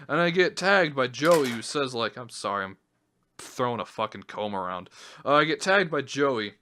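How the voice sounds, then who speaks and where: A man's voice: medium pitch, expressive, normal speed, bright, forceful tone, slight background noise. A man ranting in casual commentary, exasperated and swearing heavily as he talks over his screen. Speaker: vlogger.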